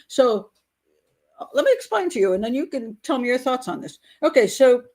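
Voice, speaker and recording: A woman's voice: high voice, sing-song, moderate pace, a little mellow. Grandmother host telling an indignant story. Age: older. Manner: indignant storytelling, wry laughs. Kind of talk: casual livestream chat.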